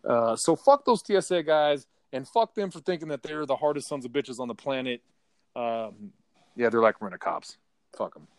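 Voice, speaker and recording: A man's voice: medium pitch, animated, normal speed, no room sound. A man co-hosting a casual podcast, ranting in a heated, profane flow. His voice sits in a middle register and is recorded close and dry, with little room sound. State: partly deaf in left ear. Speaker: podcast co-host.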